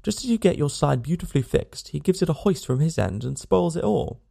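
Male audiobook narrator, very gravelly and dark-toned, dry comic delivery. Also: fairly high pitch, lively intonation, fairly quick. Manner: dry, wry storytelling. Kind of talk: scripted narration of a comic novel.

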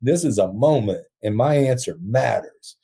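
A man telling an emotional story as a podcast guest, earnest and quick to laugh. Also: medium pitch, lively intonation, vocal fry, dark tone, husky. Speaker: podcast guest, prison ministry founder. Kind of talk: storytelling in conversation.

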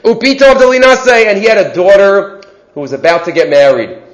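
High-voiced man teaching a Torah class. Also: brisk, muffled recording. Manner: mixes in Hebrew terms, often asks "right?".

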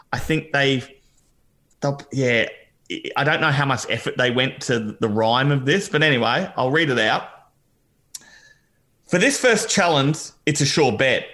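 A man's voice: mid-range voice, a bit bright. A man co-hosting a podcast, chatting casually through a reality show recap and laughing as he retells scenes. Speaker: podcast co-host.

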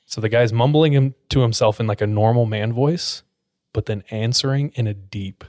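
A man hosting a podcast, casually telling a scary story in a relaxed way and filling his speech with "like". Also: mid-range voice, normal speed, no room sound, studio quality. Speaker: podcast host.

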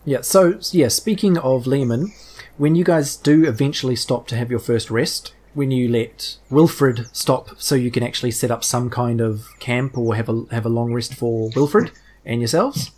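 Relaxed game master narrating. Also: medium pitch, moderate pace. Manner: relaxed, filler-heavy narration.

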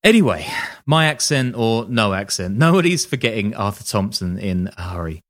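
A man's voice: on the low side, animated, moderate pace. A man telling a true-crime story casually on a podcast, with wry joking asides and casual swearing. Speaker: podcast host.

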